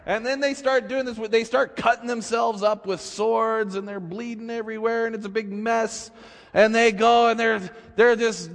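A man preaching, retelling a story in an animated, colloquial way, in a church with long reverb. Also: high-pitched, normal speed. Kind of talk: sermon storytelling.

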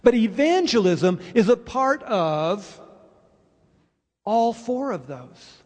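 A man preaching a sermon as pastor, speaking earnestly and explaining with pauses. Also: high voice, sing-song, darkish tone. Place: church sanctuary. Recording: reverberant church hall.

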